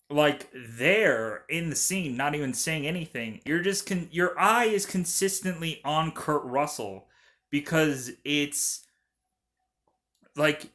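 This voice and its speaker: Slow, rambling male film reviewer. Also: on the high side, a bit bright. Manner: rambling, many fillers, laughs often. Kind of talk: casual movie review.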